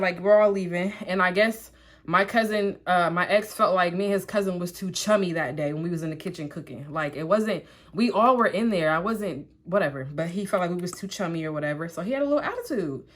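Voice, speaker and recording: Her lowish voice moving a little fast, a young woman vlogs a personal story as she does her makeup. The talk is animated and chatty, packed with asides and "like" fillers, and her tone remains relaxed and conversational the whole time.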